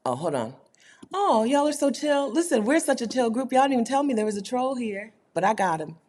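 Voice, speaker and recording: A woman's voice: a little high, very animated, a little fast, a little mellow. A woman hosting a casual livestream, chatting with viewers, reading their comments aloud and laughing often. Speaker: host of a livestream for her community.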